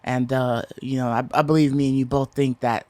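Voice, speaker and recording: Brief: man in his thirties, podcast co-host, mid-pitched, rambling chat, dry close sound. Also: steady tone, brisk, a little mellow, no echo. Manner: rambling, many fillers and restarts.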